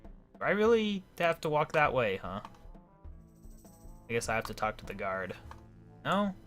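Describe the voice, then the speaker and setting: A man's voice: medium pitch, sing-song, a little slow, a bit bright, soft background music. A man casually commenting while playing a video game, with offhand, wry asides. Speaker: let's play host.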